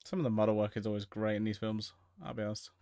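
A man giving casual, joking movie commentary, swearing freely and reacting loudly to the action. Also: on the low side, quick pace, clear, resonant tone, dry recording, studio quality. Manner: jokey, profane, excitable.

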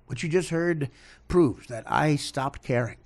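A man's voice: a little high, a little slow. A man on a comedy podcast, ranting in a self-mocking, exasperated way.

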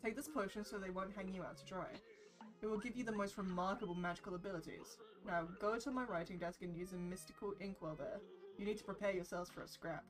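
A woman voicing a wise old male kettle, reading a game's storybook lines aloud in a calm, advising way. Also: mid-range voice, quick pace, natural voice. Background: game music.

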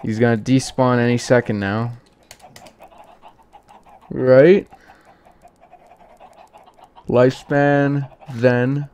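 A man's voice: medium pitch, little pitch movement, very slow, long pauses, darkish tone, smooth. A man doing let's play commentary of a game, exasperated and pleading, with jokey asides. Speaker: gaming youtuber.

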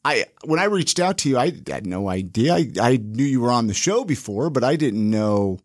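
A man hosting a podcast, talking in an upbeat, casual way with quick intros and filler restarts. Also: medium pitch, sing-song, dry recording, studio quality. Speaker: podcast host.

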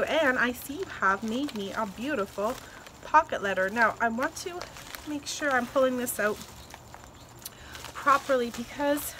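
Gushing high-voiced woman unboxing outdoors. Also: normal speed, pushed and bright. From Canada. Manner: gushing, delighted, many thank-yous. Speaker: crafting vlogger. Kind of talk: casual happy-mail unboxing. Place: outdoors in the sun. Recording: noisy outdoor ambience with insects.

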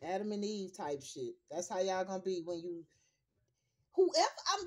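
A woman's voice: medium pitch, animated, a little slow, darkish tone. A grandmother reading tarot cards casually to her viewers, in a blunt, profane and emphatic way, repeating her points. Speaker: tarot reader.

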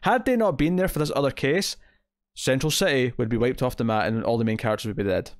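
A man's voice: mid-range voice, quick pace, dry recording. Rambling man reviewing TV, dry mic. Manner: rambling, lots of fillers and quoted asides. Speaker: podcast co-host. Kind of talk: casual TV review chat.

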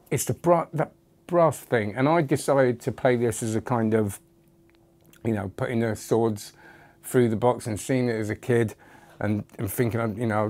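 Guy chatting about a magic trick, all over the place, keeps cutting himself off, middling pitch. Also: darkish tone. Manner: rambling, self-interrupting. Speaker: magic reviewer. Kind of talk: casual spoken review.

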